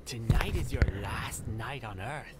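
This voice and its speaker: A woman voicing an ominous stranger in a horror game who foretells death in a low, whispery, menacing voice. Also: animated, unhurried, darkish tone, slightly rough, exaggerated voice.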